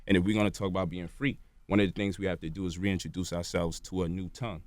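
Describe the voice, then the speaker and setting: A man's voice: low voice, flat delivery, fast, no room sound. A man, a radio show guest, explaining at length in a lecturing way and checking in with "right?" and "you feel me?". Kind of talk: lecturing interview talk. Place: radio studio.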